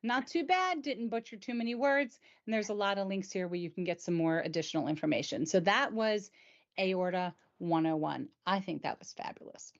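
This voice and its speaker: A woman's voice: mid-range voice, moderate pace. A woman hosts a casual explainer chat with a mid-range voice. She is chatty and enthusiastic, and now and then she stumbles over hard medical words. The recording sounds dull and lo-fi. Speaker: host.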